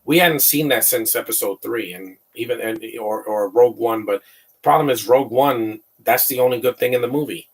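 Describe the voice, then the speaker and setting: A husky-voiced man talking over a film at a mid-range pitch, loose and opinionated, stumbling on repeated words as he goes. He sits a little back from the mic, so his voice sounds slightly distant. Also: normal speed. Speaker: movie commentator. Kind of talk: casual live film commentary.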